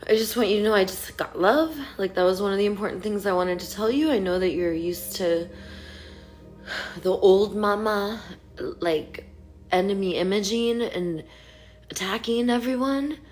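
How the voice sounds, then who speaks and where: A mother pouring out an emotional monologue to her absent son, halting and often dropping to a whisper. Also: mid-range voice, darkish tone.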